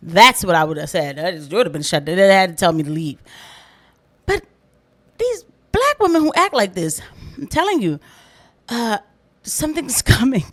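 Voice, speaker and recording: A woman hosting casual reaction commentary, animated and slangy, laughing through her asides. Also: lowish voice, quick pace. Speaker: commentary host.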